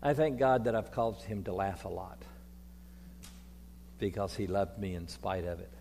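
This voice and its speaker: An older man, preaching a folksy sermon as priest, moving from quiet reflection to loud storytelling. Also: low voice, steady tone, moderate pace, vocal fry, a little hiss or hum. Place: church. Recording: long reverb of a church hall.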